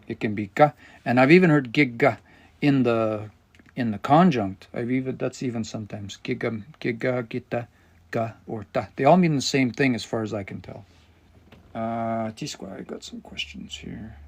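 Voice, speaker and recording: A man's voice: mid-range voice, moderate pace. A man hosting a livestream language lesson, explaining grammar as he thinks aloud and searches for words. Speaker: language teacher and livestream host.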